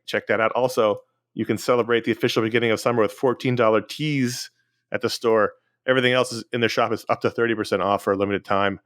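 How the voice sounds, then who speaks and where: A man's voice: fairly low pitch, fairly bright tone, dry recording, clean studio sound. A man co-hosting a podcast in a casual, chatty way, running through announcements and listener emails. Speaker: podcast co-host.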